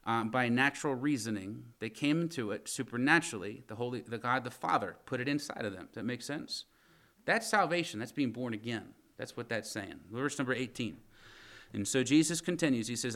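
A man's voice: medium pitch, fairly bright tone. A man preaching a conversational sermon to his church congregation, often asking them questions as he reads scripture. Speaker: pastor. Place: church sanctuary.

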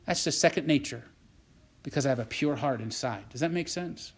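A man's voice: medium pitch, brisk, breathy edge. A man preaching a sermon as pastor, repeating phrases and asking the congregation "Amen?" and whether it makes sense.

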